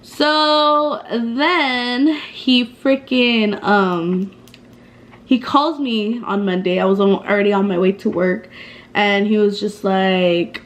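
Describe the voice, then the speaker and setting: A woman's voice: mid-range voice, takes it slowly. A woman in her twenties telling a casual storytime vlog in a chatty, slangy way, with lots of fillers and swearing. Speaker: vlogger.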